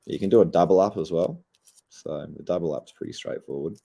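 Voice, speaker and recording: A stoned young Australian man with a very deep, dark and mellow voice. He talks in a loose, laid-back ramble, swearing constantly as he chats to his livestream. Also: brisk, vocal fry. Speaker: streamer. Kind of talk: casual livestream chat.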